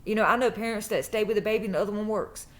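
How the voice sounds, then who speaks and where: A woman's voice: medium pitch, rapid-fire. Woman telling a personal story. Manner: emphatic, repeats phrases for stress. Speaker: true crime vlogger. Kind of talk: casual storytelling monologue.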